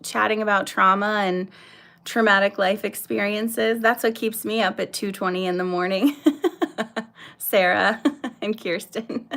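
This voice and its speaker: Slow-talking nervous woman livestreaming. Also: medium pitch, level tone, creaky, bright, forceful tone. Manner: nervous, apologetic, chatty with many fillers. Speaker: livestream host. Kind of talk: casual livestream chat.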